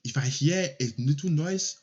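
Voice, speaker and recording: A man's voice: a little high, moderate pace, a little mellow, husky, voice pushed up. A man voicing an angry school superintendent who barks threats. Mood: threatening. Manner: menacing, barking. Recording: lo-fi audio.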